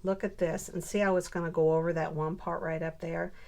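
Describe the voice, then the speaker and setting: An older woman and grandmother chatting casually through a scrapbooking tutorial. She often mutters softly to herself while she works. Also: low voice, level tone, fairly quick, creaky. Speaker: scrapbooking crafter and channel host. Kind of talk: casual crafting tutorial chat.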